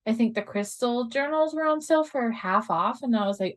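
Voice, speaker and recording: A middle-aged woman guest chatting casually, bubbly and quick to laugh. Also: on the high side, animated. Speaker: guest, journal creator. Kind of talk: casual chat.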